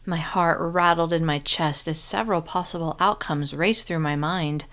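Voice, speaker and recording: Lower-voiced woman narrating an audiobook. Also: steady tone, normal speed, hardly any pauses, fairly bright tone. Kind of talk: scripted first-person narration.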